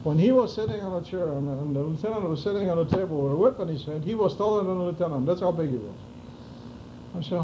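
A man's voice: a little high, animated, fast, muffled recording, a little hiss or hum. An older man in an oral history interview, telling his memories vividly and acting out the dialogue. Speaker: interviewee recounting wartime memories.

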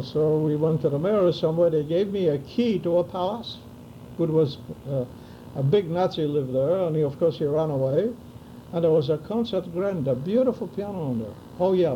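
An older man recounts his wartime memories in an oral history interview, vividly telling them and acting out the dialogue. His voice is fairly high and brisk, and the audio is dull with a little hiss or hum.

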